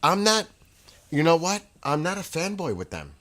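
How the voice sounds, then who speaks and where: A man hosting his own livestream from a room at home, telling casual, rambling stories in an excitable way, with restarts and laughs. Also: fairly high pitch, moderate pace. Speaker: livestream host.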